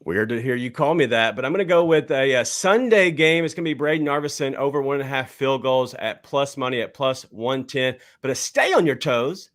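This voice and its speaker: A man's voice: mid-range voice, a bit bright. A man on a sports betting panel reading off his picks in a loose, casual way, with fillers. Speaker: show panelist.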